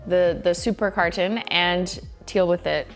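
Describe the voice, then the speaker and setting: A woman's voice: fairly low pitch, steady tone, unhurried, soft background music. A woman hosting a casual live-stream cooking chat from her kitchen, playful and giggly. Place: home kitchen.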